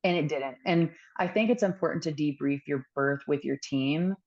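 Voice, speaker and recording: Low-voiced woman, earnest and reflective. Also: muffled recording. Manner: earnest, reflective, with many pauses and fillers. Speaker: podcast guest. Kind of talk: candid personal storytelling.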